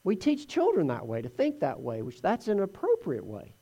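A man giving a conversational sermon, telling the Gospel story in an animated way. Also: high-pitched, moderate pace, husky. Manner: animated storytelling, acts out voices in quotes. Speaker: preacher teaching from the Gospels.

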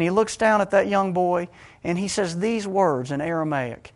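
A man preaching a sermon, swinging dramatically between hushed, low passages and loud ones. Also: moderate pace.

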